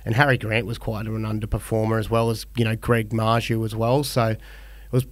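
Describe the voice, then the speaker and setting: A man's voice: on the low side, a little fast, dry recording. A man with an Australian accent co-hosting a fantasy footy podcast, chatting casually and rambling with lots of fillers. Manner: rambling, relaxed, many fillers. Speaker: podcast co-host. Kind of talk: casual chat.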